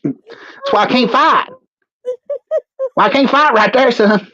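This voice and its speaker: A man voicing a rowdy, mocking man who jeers and shouts. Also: extremely high pitch, slow, dull audio, noisy background, pitched above the performer's own voice. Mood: taunting.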